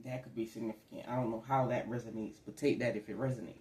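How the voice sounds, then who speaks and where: A man talks through a tarot reading in a relaxed, rambling way. His voice sits at an ordinary middle pitch. The room around him gives a noticeable echo. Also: fast talker, a little hiss or hum. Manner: rambling, conversational, slips into acted quotes. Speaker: tarot reader. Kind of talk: casual spiritual reading to camera. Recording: echoey room.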